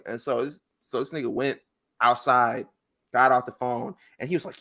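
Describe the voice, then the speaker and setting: A man's voice: mid-range voice, moderate pace, gravelly. A male podcast co-host telling stories in casual chat, acting out what others said. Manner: animated storytelling, acts out quotes.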